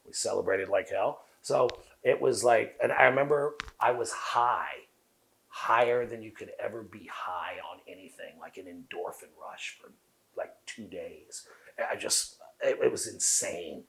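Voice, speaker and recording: A man with a Southern US accent, a guest in an interview, telling long profane stories full of quoted dialogue at a rapid clip. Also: fairly low pitch, creaky, fairly bright tone. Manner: fast talker. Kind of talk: casual interview storytelling.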